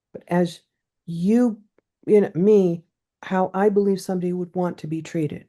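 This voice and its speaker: A woman's voice: on the low side, mellow. A woman poet, a guest in a casual interview, telling stories in a chatty way. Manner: chatty storytelling.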